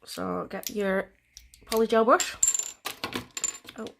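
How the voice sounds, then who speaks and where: Lady rambling thru a nail tutorial, kinda flat monotone, bit of hiss. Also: mid-range voice, takes it slowly, gravelly. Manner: chatty, rambling, many fillers and restarts. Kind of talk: casual step-by-step tutorial.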